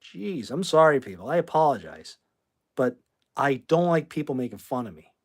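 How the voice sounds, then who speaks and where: A man's voice: medium pitch, big pitch swings, normal speed. Rambling man hosting a livestream. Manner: rambling, flares up angrily at chat commenters, swears. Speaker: livestream host. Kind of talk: casual livestream chat. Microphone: phone.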